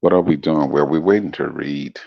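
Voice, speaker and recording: A middle-aged man with a very deep, smooth voice chatting casually on a livestream, laid-back and chuckling as he greets commenters by name. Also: fairly quick, no echo. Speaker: livestream guest reading chat comments. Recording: dull dry lo-fi stream audio.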